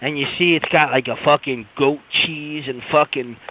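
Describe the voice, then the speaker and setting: On a podcast, a male co-host tells a long, profane, rambling story, full of fillers and restarts. His voice sits on the high side with fairly even intonation at a normal speed. The line sounds tinny, like a phone.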